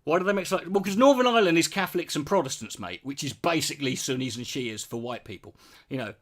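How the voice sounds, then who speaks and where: A man's voice: a little high, animated, fast talker. A British man in his forties, ranting bluntly and sarcastically with heavy swearing while answering his chat. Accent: British English. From Britain.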